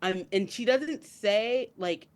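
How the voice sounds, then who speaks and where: A woman's voice: medium pitch, slow pace. Young woman podcast co-host, teary, intense casual chat. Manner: emotional, builds to tearful outbursts. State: crying.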